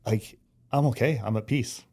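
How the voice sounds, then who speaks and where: A man's voice: mid-range voice, moderate pace, a little mellow, husky. A middle-aged man speaking as a podcast guest, talking earnestly and with feeling, teary-eyed at times and often restarting his sentences. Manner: earnest, heartfelt, many restarts. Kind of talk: emotional interview.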